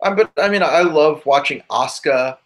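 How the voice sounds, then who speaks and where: A man's voice: on the high side, normal speed. Rambling man co-hosting a podcast. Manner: rambling and loose, full of asides. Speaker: podcast co-host. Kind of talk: casual chat.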